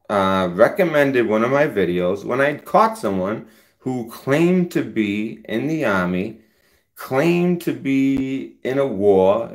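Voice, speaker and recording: A man hosting his own channel, delivering a confrontational, profane rant straight at a rival. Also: mid-range voice. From United States. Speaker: channel host. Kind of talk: heated rant to camera.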